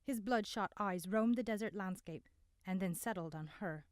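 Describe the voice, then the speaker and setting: A woman narrating a novel in an even, measured way. Her voice sits on the low side for a woman. The close mic leaves it dry, with no room in it. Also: no room sound. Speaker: audiobook narrator. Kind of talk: scripted narration.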